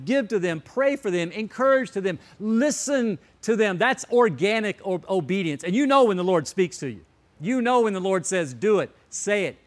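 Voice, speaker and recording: A pastor with a fairly high voice delivers a sermon in a relaxed, conversational way. He is a middle-aged man who repeats key words and phrases for emphasis.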